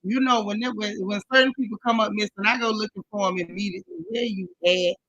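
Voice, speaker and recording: Bright-voiced woman hosting a chatty livestream. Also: medium pitch, steady tone, quick pace, no echo, lo-fi sound. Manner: chatty, greets viewers by name, folksy slang. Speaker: live-stream host. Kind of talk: casual live-stream chat.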